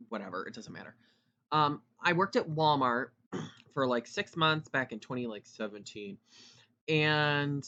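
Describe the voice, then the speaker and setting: Young male podcast host, chatty and loud, bright voice, lo-fi dull recording. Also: mid-range voice. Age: 20s. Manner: talks fast and loud, rambling asides. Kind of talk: casual solo podcast chat.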